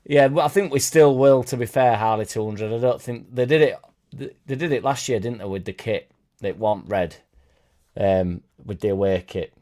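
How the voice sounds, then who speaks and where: A man's voice: medium pitch, normal speed, darkish tone. A man hosting a fan channel live stream, talking casually and rambling between topics and viewer comments, with self-deprecating asides.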